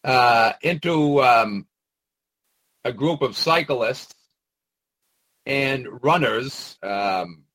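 A man's voice: medium pitch, expressive, extremely slow, long pauses, fairly bright tone, no echo, poor audio. A man talking in a sarcastic, rambling monologue, with mocking asides and frequent hesitations. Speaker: commentator. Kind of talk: casual monologue commentary.

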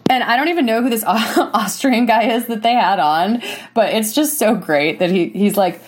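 A woman's voice: a little high, normal speed. A young adult woman hosting a talk show, talking in a sarcastic, mocking way and rambling with lots of fillers. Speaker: show host. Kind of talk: casual podcast monologue.

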